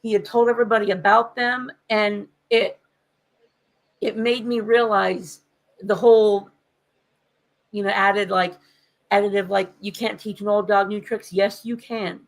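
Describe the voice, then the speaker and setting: A woman's voice: medium pitch, fairly even intonation, unhurried, gravelly, long pauses, rough recording. Woman telling a candid personal story. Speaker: podcast co-host. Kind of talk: casual podcast conversation.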